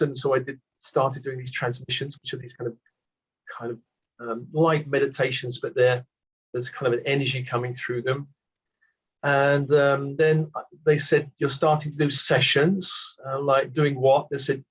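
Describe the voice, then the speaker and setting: A British man in his sixties, a reflective guest telling his story with gentle self-deprecating asides. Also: medium pitch, fairly even intonation, normal speed. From Britain. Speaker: award recipient guest. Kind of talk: reflective casual conversation. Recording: dull muffled lo-fi audio.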